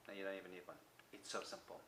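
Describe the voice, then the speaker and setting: A man giving a motivational self-help talk to the viewer, coaxing and repetitive, sometimes dropping to a soft near-whisper. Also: low-pitched, level tone, rapid-fire, reverberant, slight background noise, poor audio.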